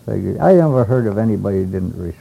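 An older man from Alaska recalling old stories in a rambling, halting way, with many hesitations and chuckles, on a dull lo-fi tape. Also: fairly low pitch, animated, creaky, a little hiss or hum. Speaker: interviewee. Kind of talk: oral history reminiscence.

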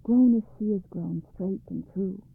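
A woman voicing a gentle old man, a wandering wood carver, in a soft and patient way, on a tinny recording. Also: medium pitch, measured pace, gravelly, breathy edge, no echo. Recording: dry, tinny phone-like sound.

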